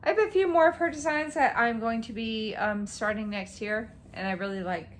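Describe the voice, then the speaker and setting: A woman vlogger chatting casually about her stitching projects, rambling and excitable, tired and yawning at times. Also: a little high, moderate pace, a little hiss or hum. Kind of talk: casual show-and-tell chat.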